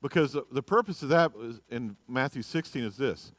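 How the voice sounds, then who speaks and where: A man teaching a casual Bible class in church, chatty and joking, dropping to quiet asides and rising to loud bursts. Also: medium pitch, expressive, normal speed, no room sound.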